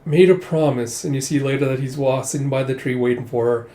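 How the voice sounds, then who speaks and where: A man's voice: mid-range voice, little pitch movement, quick pace, dark tone. A man casually recapping a story in a chatty, loose way with fillers, recorded in an echoey room. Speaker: manga reviewer. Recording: roomy echo.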